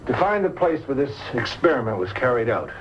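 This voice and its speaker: An actor playing a calm, reasoning husband in an old British film. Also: male voice, medium pitch, fairly quick, lightly acted. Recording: dull old film soundtrack with hiss.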